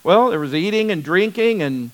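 A man leads a Bible study in an easygoing, conversational teaching voice. His voice sits somewhat high and sounds smooth and resonant, and he hammers home key words by repeating them. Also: lively intonation, normal speed, rough recording. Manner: conversational, repeats words for emphasis, frequent restarts.

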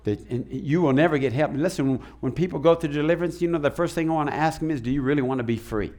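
A man preaching a sermon as pastor, animated and acting out the voices he quotes. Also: a little high, fast talker.

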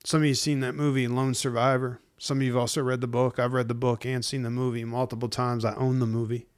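A man preaching in a casual, conversational sermon, speaking plainly to listeners and slipping into slang and hushed acted-out asides. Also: mid-range voice, level tone, fast. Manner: acts out inner voices in hushed asides. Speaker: pastor.

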